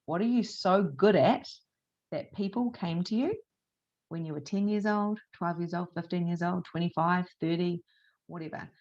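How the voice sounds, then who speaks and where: A woman teaching a live online masterclass in an animated, chatty way, laughing often and swearing casually. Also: lowish voice, moderate pace, lo-fi sound. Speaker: spiritual teacher.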